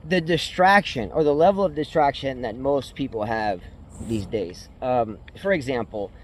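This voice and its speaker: A man's voice: mid-range voice, lively intonation, normal speed, darkish tone, slight background noise. A man talking in a rambling, earnest way while walking uphill outdoors, a bit out of breath. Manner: rambling, earnest, with fillers and restarts. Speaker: tennis vlogger. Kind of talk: casual vlog monologue. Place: outdoors on a hill.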